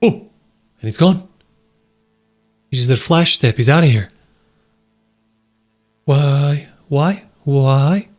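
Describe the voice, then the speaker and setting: A man giving excitable, joking commentary while playing a horror game, talking straight to his viewers. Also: on the high side, takes it slowly, pauses often. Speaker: gaming YouTuber. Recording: loud game music underneath. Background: loud game music.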